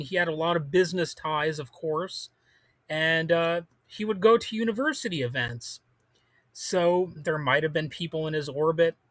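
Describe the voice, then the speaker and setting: A man's voice: a little high, bright, forceful tone, no room sound. A man hosting a solo podcast, rambling casually with lots of fillers and restarts, blunt and prone to swearing. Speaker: podcast host.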